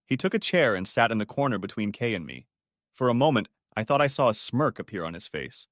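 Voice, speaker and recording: A man's voice: mid-range voice, sing-song, fairly quick, fairly bright tone, no room sound, clean studio sound. A man narrating a first-person audiobook story in a bitter, restrained way.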